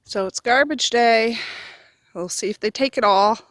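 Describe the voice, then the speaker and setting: Her voice sits a little high and a bit bright, and she speaks a little slowly. This middle-aged mother records a homely, casual vlog of her day in Nova Scotia, at home and in the car, holding her phone camera and addressing viewers directly.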